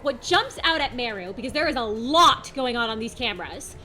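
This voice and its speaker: Bright playful woman game master. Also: on the high side, expressive, a little fast, slight background noise. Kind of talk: narrating a tabletop game.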